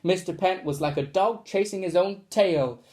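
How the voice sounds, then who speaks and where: A man reading a children's storybook aloud in a lively way, adding sound effects as he goes. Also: sits high, moderate pace.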